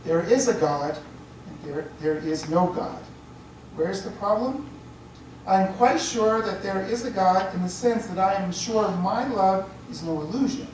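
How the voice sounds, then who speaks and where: Priest lecturing in a chatty way, heard from a distance in a very echoey room with faint hiss. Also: male voice, sits high, animated, measured pace, darkish tone. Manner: chatty, checks in with listeners. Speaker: priest giving a talk. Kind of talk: conversational lecture.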